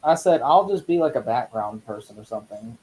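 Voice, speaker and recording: A man in casual chat at a movie watch party, animated and argumentative, swearing freely. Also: mid-range voice, brisk, slightly rough, low-quality recording.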